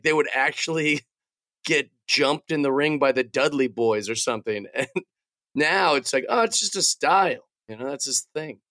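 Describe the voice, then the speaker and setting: A man in a casual podcast chat, telling animated anecdotes and acting out the voices of the people he quotes. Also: on the high side, no room sound, clean studio sound. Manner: animated, acts out quoted voices, laughs while talking.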